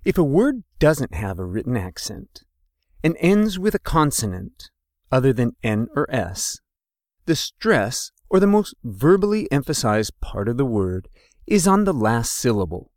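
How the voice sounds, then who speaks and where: A male teacher reads a scripted lesson at an unhurried pace, his pitch rising and falling a lot. He carefully pronounces each example word on its own. The voice sounds dry and close. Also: very animated, a little mellow, no room sound. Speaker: language teacher.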